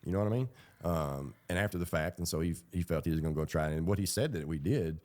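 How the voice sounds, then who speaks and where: Low-voiced guy rambling thru a story, casual, lots of ums. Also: fast, darkish tone. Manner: rambling, colloquial, with fillers and laughs. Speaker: ex-prisoner telling his story.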